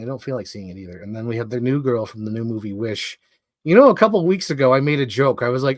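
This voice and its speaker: This man's mid-range voice is animated and a little fast, captured in a dry, clean studio recording. Live streaming, he shows off collectibles in casual, rambling fan chatter full of fillers.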